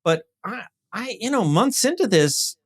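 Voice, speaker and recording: A man from East Los Angeles, a scientist guest, telling his story in an interview with lively asides. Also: high-pitched, a little slow, breathy edge.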